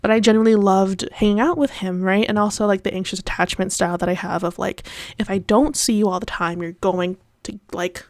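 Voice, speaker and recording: A woman's voice: mid-range voice, steady tone, a little fast, hardly any pauses, dry recording, studio quality. A young adult woman hosting her podcast, talking in a candid, rambling and tangential personal monologue. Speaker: podcast host.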